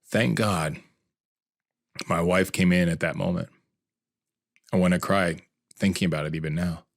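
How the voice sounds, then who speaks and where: Man, podcast host, gravelly voice, earnest, reflective, personal story narration. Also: deep voice, steady tone, dry recording. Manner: earnest, reflective, slow and heartfelt.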